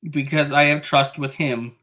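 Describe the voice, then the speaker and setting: A player voicing a cautious leader who speaks in a measured, guarded way. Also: medium pitch, steady tone, a bit bright, close to an everyday voice. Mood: warning. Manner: measured, wary.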